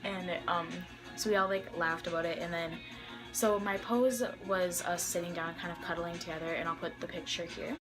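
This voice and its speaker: Young woman vlogger, lowish voice, chatty storytelling with lots of "like" and "um", music playing behind. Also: fairly even intonation, normal speed. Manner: chatty, many fillers and quoted dialogue. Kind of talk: casual storytelling.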